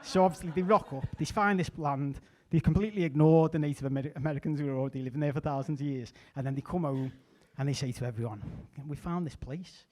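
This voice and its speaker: A middle-aged man performing a stand-up comedy set, chatty with deadpan asides and small restarts. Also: fairly high pitch, fast, hardly any pauses. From England.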